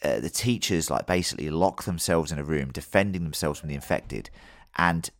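A man's voice: very deep voice, a little fast, no echo, studio quality. A man hosting a podcast, telling a story loosely with plenty of fillers and the odd swear word. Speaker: podcast host. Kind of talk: casual podcast chat.

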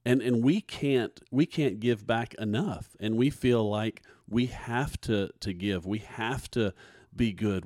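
A man's voice: medium pitch, a little mellow, no echo, studio quality. A man hosting a faith podcast, talking earnestly and preachily, often repeating his words as he builds a point. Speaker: podcast host. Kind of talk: casual faith podcast talk.

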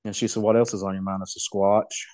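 Low, dry-voiced man. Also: level tone, fast talker, warm tone, no echo. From Southeast Kentucky. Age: middle-aged. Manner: folksy, rambling, self-amused. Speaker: podcast guest. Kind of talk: casual storytelling.

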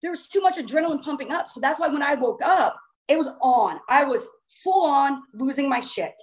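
Woman, fairly high voice, interview guest, animated, excitable storytelling. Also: a little fast, rough recording. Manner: animated, excitable, acts out her own past words. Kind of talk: recounting a personal experience in conversation.

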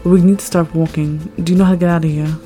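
A woman reading a first-person story aloud, expressive and rising at tense moments. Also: lowish voice, rapid-fire. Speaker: story narrator. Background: faint background music.

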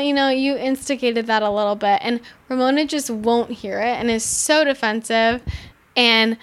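Chatty, exasperated woman with a higher voice. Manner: animated, swearing, heavy use of "like"; exasperated, sarcastic commentary. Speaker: reality TV recap host. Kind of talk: casual chat.

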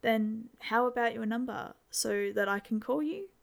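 Awkward teen boy, stammers a lot, gravelly edge, woman doing him. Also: on the high side, normal speed. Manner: stammering, nervous. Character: nervous, awkward teenage boy.

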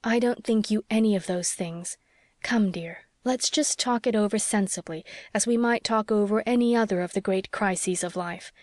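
A woman voicing a gentle, sensible young woman comforting a friend in a soothing, reasoning tone. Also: medium pitch, moderate pace, no room sound, natural voice.

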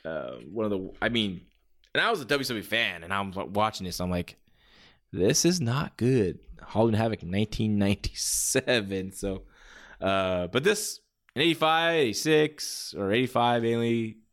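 A man's voice: on the low side, moderate pace, fairly bright tone. A man hosting a podcast, talking casually and enthusiastically, rambling and acting out bits as he goes. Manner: rambling, enthusiastic, acts out quotes. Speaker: podcast host.

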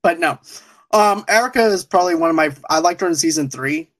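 A man's voice: fairly high pitch, brisk, background noise. A man hosting a podcast, reviewing a TV show in casual chat, rambling and laughing often. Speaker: podcast host.

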